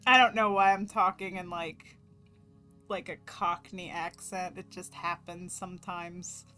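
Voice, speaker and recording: A woman's voice: fairly low pitch, steady tone, measured pace, sharp tone, soft background music. A woman artist chatting casually as she talks through each step of her drawing on a stream. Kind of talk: casual narration while drawing.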